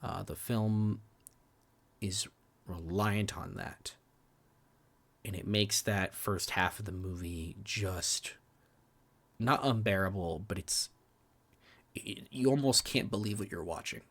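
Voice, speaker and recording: This man talks slowly in a fairly low, creaky, slightly rough voice with a fairly bright tone, pausing often. On the film podcast he co-hosts, his casual reviews are honest and profane; he restarts words and occasionally drops close to a whisper.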